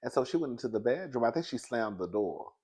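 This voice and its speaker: A man's voice: medium pitch, expressive, fast talker, darkish tone, breathy edge. Sassy, gossipy man recapping a TV show. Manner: sassy, gossipy, laughs often, calls listeners girl and baby. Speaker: TV show reviewer. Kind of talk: animated casual recap.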